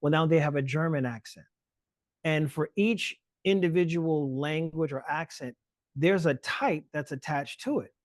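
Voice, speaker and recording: A man lecturing in a webinar over a video call mic, explaining fast with many fillers. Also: on the high side, no echo. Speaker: guest lecturer.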